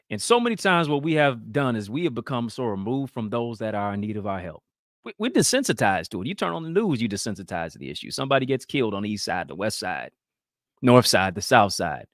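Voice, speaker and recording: A man's voice: on the low side, very animated, fast, dry recording, studio quality. A man hosting a talk show, giving emphatic, preacher-like motivational commentary.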